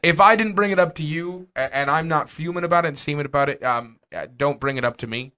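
Man co-hosting an advice podcast, higher voice. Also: fast talker, pushed and bright, smooth. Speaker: podcast co-host. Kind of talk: casual podcast chat, giving advice.

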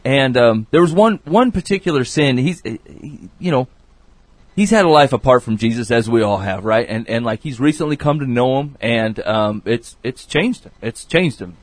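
A man's voice: mid-range voice, animated, moderate pace, dry recording. A man on a podcast earnestly telling a story about counseling a friend, rambling with many restarts and quoted dialogue. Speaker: regular podcast guest giving advice. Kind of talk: casual podcast chat and storytelling. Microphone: studio mic.

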